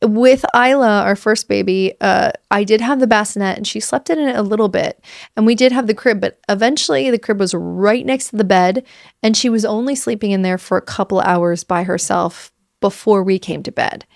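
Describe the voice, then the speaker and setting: An American podcast host in her thirties speaks at a medium pitch and normal speed in a creaky voice, with a dry, clean studio sound. On her casual solo podcast she talks emphatically, acting out quoted voices as she tells stories.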